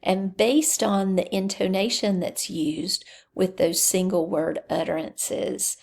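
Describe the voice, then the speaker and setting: Female lecturer, unhurried and explanatory, with noticeable vocal fry. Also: fairly low pitch, a little mellow. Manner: explanatory, with fillers. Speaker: teacher. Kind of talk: recorded lecture.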